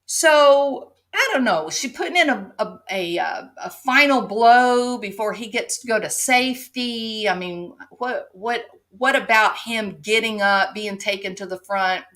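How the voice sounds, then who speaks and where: A woman's voice: mid-range voice, a bit bright. A woman hosting an opinion commentary, sarcastic and pointed, driving her case with rhetorical "right?" questions. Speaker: commentary show host.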